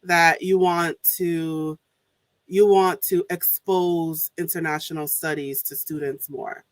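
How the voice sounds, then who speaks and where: A woman's voice: sits low, fairly even intonation, takes it slowly, no room sound. A woman hosting a podcast interview, chatting casually with frequent laughs and restarts. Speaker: podcast host.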